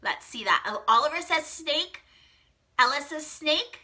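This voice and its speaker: A woman's voice: high-pitched, measured pace. A young woman hosting a live phonics lesson for small children, cheerfully reading out their guesses and praising each one. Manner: bubbly, encouraging, reads out children's guesses with excited gasps.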